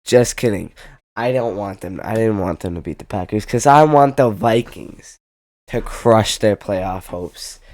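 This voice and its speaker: A young man with a lowish voice rambles through his football picks at an unhurried, drawn-out pace. He trails off, corrects himself and tosses in wry asides. The sound is dry and close, with no room around it. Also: darkish tone, dry recording. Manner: rambling, self-interrupting, jokey asides. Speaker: sports predictions vlogger. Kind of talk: casual football picks commentary.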